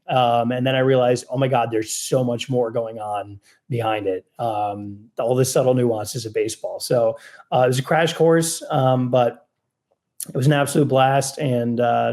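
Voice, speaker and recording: New guy in his 30s, stadium announcer telling a story, lots of ums, acts out the quotes. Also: mid-range voice. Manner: animated storyteller, acts out quoted lines, many fillers. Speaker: stadium public address announcer, guest. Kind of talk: casual storytelling interview.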